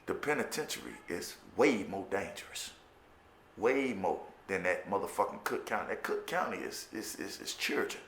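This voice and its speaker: Animated, stammering Chicago man, roomy echo. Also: low voice, moderate pace, a little hiss or hum. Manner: profane, stammers and repeats words, animated. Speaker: formerly incarcerated storyteller. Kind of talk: candid personal storytelling monologue.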